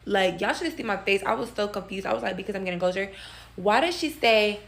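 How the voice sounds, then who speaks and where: Woman, mid pitch, animated profane storytime rant, talks to listeners as y'all. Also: a little fast, vocal fry. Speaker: storyteller in a clip.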